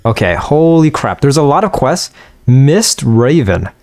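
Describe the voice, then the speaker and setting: A man's voice: on the high side, big pitch swings, moderate pace. A young man giving offhand, casual commentary over a game, muttering reactions and the odd swear. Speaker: let's-play gamer.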